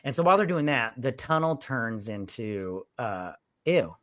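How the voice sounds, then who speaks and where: A man's voice: mid-range voice, sing-song, unhurried, fairly bright tone, no echo. A man co-hosting a casual live movie-review stream, rambling and swearing as he retells scenes and acts out the characters' lines.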